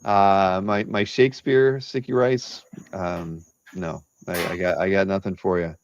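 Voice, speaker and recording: A man's voice: low-pitched, fairly even intonation, a little slow, dry recording, dull audio. A man hosting a live art-sale stream, chatting casually and rambling with many restarts.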